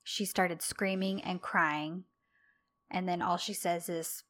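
Animated woman recapping a show. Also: lowish voice, slow. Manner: animated, retells scenes acting out lines. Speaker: podcast co-host. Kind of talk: casual chat recapping a TV show.

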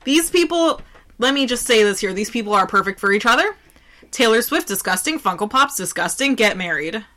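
A woman's voice: a little high, lively intonation, a little fast, bright, forceful tone. A woman co-hosting a casual chat, blunt and emphatic with strong opinions.

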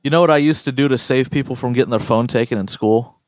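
A man's voice: medium pitch, fast, no room sound. A young man co-hosts a casual podcast and swears his way through school stories. His voice sits in an ordinary middle register and sounds close and dry. He breaks into goofy impressions when he quotes anyone. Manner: profane, animated storyteller doing goofy quoted voices. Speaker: podcast co-host.

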